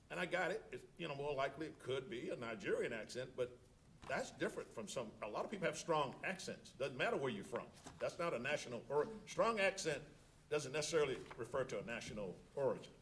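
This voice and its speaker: A man presiding as an appellate judge, questioning a lawyer in court. His voice sits at a middle pitch. He thinks aloud, restarting sentences as he works through a point. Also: very animated, brisk, fairly bright tone, a little hiss or hum.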